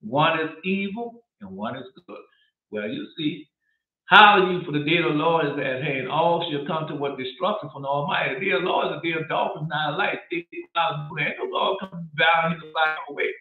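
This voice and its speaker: A man's voice: fairly high pitch, a little fast. Male street preacher, scolding scripture commentary, roomy lo-fi sound. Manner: preachy, mocking, rising to shouts. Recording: echoey lo-fi phone-like audio.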